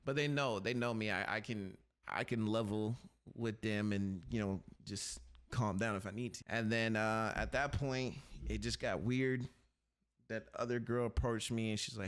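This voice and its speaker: A young man hosting a podcast, telling a casual story and acting out the voices in it with big jumps in pitch. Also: steady tone, moderate pace, clear, resonant tone. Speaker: podcast host.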